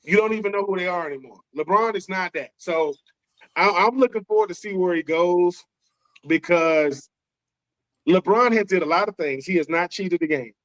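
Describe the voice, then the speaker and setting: A man's voice: high voice, fairly bright tone, no echo, rough recording. A man with an Atlanta accent co-hosting a sports podcast, talking in a loose, conversational way and repeating his points. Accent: Atlanta, Southern US. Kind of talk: casual sports talk.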